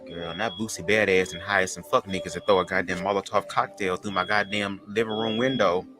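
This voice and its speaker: A man's voice: fairly even intonation, brisk, music in the background. A man hosting a podcast, reading a book aloud with sassy, slangy, profane asides. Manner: sassy, slangy, swearing, jumps into high squeals.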